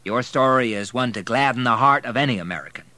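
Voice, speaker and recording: A man reading aloud, voicing an energetic, commanding male American army general in a raised voice. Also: on the low side, brisk, no echo.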